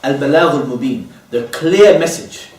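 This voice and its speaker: An Islamic lecturer gives a religious talk in a medium-pitched, expressive, slightly mellow voice at normal speed. He keeps checking in with "okay?", poses rhetorical questions and restates his key terms, sounding distant in an echoey room.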